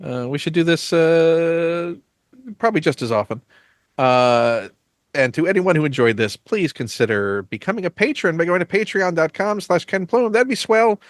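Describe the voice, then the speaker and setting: A man's voice: fairly high pitch, normal speed, dry recording, clean studio sound. A man hosting an interview, talking in a chatty, teasing way. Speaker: host. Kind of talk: casual interview.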